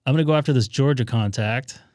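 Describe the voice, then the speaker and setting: Excited rambling ham radio streamer, man. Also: medium pitch, quick pace, no room sound, studio quality. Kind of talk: casual live stream chat. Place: home radio room upstairs.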